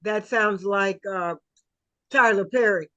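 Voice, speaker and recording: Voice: medium pitch, slow, sharp tone, no echo. A council member adding brief, laughing asides in a casual meeting discussion. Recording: dry, dull lo-fi audio.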